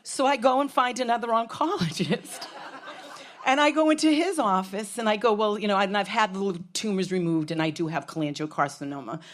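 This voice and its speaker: A woman's voice: medium pitch, a little fast. A middle-aged woman telling a frank, comic personal story on stage, swearing freely. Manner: frank, profane, comic, with laughs from a crowd.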